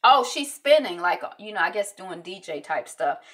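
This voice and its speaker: A woman casually recapping a TV episode, with lots of ums and quick acted-out quotes from the scenes. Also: mid-range voice. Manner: chatty, many ums, acts out quotes in lively voices. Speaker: TV recap host.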